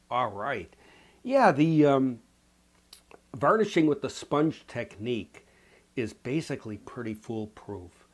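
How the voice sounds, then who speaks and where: A man's voice: medium pitch, very animated, slow, pauses often, husky. A man from the Chicago area with a Chicago accent, chatting casually as a painting instructor, rambling and folksy with lots of "you know", while nursing a cold. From Chicago area, USA. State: has a cold. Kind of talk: casual chat answering viewer comments.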